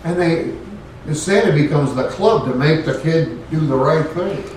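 A man's voice: on the high side, expressive, a little slow, a little mellow, slight background noise. A man preaching a sermon in a folksy way, rising to emphatic points. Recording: echoey room, voice from far off.

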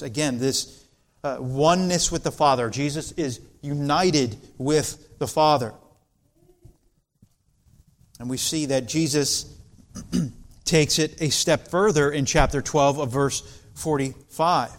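A man's voice: a little high, slow pace, pauses often. Earnest man preaching a sermon. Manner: earnest preaching, rising intensity when quoting scripture. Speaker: pastor. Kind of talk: expository sermon.

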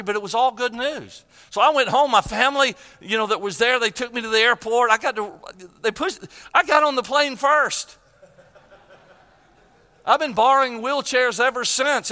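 Older male preacher, high bright voice, heartfelt storytelling sermon, long hall reverb. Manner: emotional storytelling, preaching with repeated phrases.

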